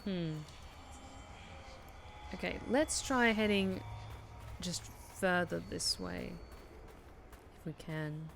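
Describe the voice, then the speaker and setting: A woman's voice: lowish voice, drawn-out words, creaky, pauses often, slight background noise. A woman streaming a game, thinking aloud in casual, hesitant chat full of fillers. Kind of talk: casual gameplay commentary.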